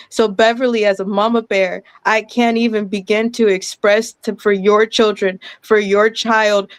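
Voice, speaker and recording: A woman in her thirties giving an impassioned, emotional speech, loud and breaking into laughter, overwhelmed and apologetic. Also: mid-range voice, clean tone, dry recording. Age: 30s. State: sweating, overwhelmed. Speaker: guest speaker.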